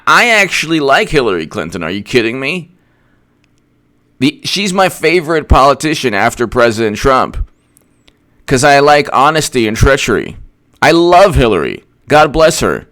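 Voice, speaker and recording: A man talks through a casual political commentary, rambling and sarcastic, tripping over restarts as he goes. His voice moves up and down a lot and stays smooth and clear. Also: medium pitch, fairly bright tone.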